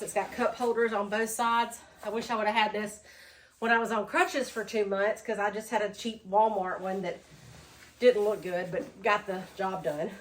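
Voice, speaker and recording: A woman vlogging a casual thrift haul, chatty and tired, low on energy after being sick, with lots of "um"s. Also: a little hiss or hum. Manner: chatty, says "y'all", many "um"s.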